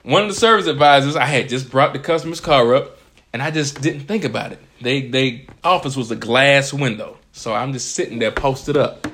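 A man's voice: mid-range voice, moderate pace, fairly bright tone. A young man co-hosting a podcast, telling stories in casual chat, laughing often and swearing freely. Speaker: podcast co-host.

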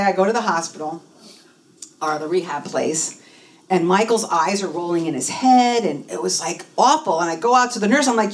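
Animated middle-aged woman telling a story. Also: on the low side, normal speed. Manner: animated, acts out the voices in her story. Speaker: guest telling a personal story. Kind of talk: emotional personal storytelling. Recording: voice a bit distant from the mic.

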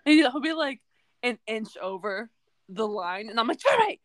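A woman's voice: on the high side, animated, moderate pace, a bit bright, no echo. A young woman co-hosting a casual chat, frank and swearing casually as she tells stories. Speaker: podcast co-host.

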